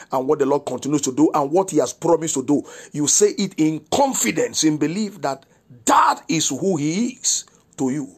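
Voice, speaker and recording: A man's voice: a little high, husky. A man, a pastor delivering a devotional sermon with declared prayers and repeated rhetorical questions. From Nigeria.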